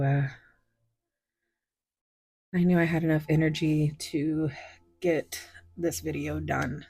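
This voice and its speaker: A woman chats her way through a tarot reading in a low, husky voice worn hoarse by recent illness. She talks slowly and rambles, laughs often, and slips into whispered asides. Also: darkish tone. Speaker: tarot reader. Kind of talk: casual tarot reading chat.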